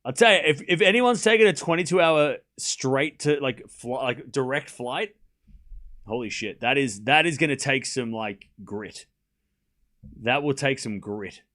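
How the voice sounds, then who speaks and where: With a medium-pitched, fairly bright voice, this Australian streamer and tennis coach hosts a live watchalong of a tennis match. He chats casually, reads messages from chat, and fires off short bursts of play-by-play.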